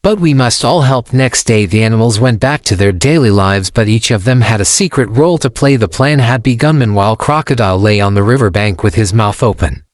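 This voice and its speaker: A man's voice: fairly low pitch, fairly quick, hardly any pauses, no room sound. Man narrating a folktale, dry close sound. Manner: simple, even storytelling. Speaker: storyteller.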